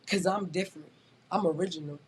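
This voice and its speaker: A woman's voice: fairly low pitch, fast, a little hiss or hum. Blunt, emphatic young woman. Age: 20s. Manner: blunt, emphatic, swears freely. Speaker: guest rapper. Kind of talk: casual podcast chat.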